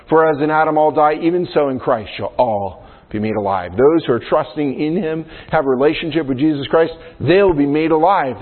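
A male pastor preaching a sermon in a conversational way, often checking in with "right?" as he explains Scripture. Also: on the high side. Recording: phone-like sound in a long-reverb hall.

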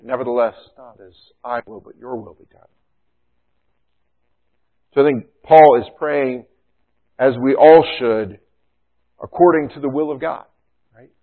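Man preaching over a tinny line. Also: on the high side. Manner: conversational preaching, frequent "you know" and "right?". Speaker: pastor. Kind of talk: sermon. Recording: thin phone-like sound.

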